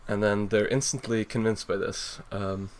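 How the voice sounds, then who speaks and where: Low-voiced man laughing through podcast chat. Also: fairly even intonation, moderate pace. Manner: laughs often, reads quoted lines aloud. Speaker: podcast host. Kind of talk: casual comedic podcast chat.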